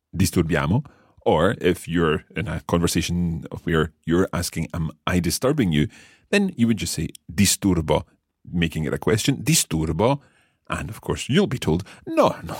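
A man's voice: low-pitched, breathy edge, dry recording, studio quality. A man teaching a podcast language lesson, explaining patiently step by step and quizzing his learner.

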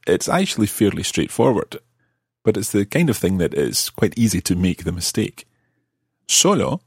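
A man, patiently explaining grammar with slow, worked examples on a language-learning podcast. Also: low voice, a little mellow, slightly rough, no room sound, clean studio sound. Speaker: language teacher.

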